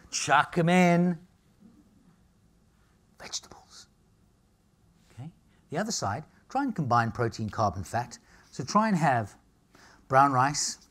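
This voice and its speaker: A man's voice: mid-range voice, fairly bright tone. Brash middle-aged man, live seminar speaker, punchy and jokey, keeps checking in with the room. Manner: brash, punchy, jokey, asks "all right?" and "okay?" often. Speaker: nutritionist giving a talk. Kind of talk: live seminar talk to an audience.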